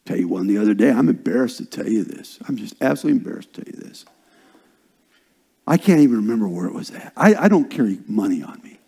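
An older man preaching a sermon as a pastor, swinging from loud, stressed phrases down to hushed whispers. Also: fairly low pitch, very animated, fast, vocal fry, breathy edge.

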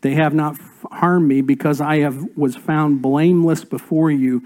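A pastor preaching a sermon, rising to loud emphatic lines and dropping to near-whispered asides. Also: male voice, a little high, fairly even intonation, a little slow, few pauses. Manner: swings between raised emphatic lines and soft whispered asides.

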